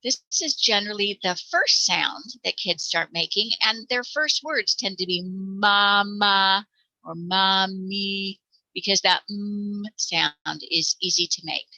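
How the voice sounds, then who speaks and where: A woman's voice: mid-range voice, takes it slowly, bright, forceful tone, no echo, rough recording. An American woman teaching parents letter sounds, patiently demonstrating each one aloud. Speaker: reading teacher.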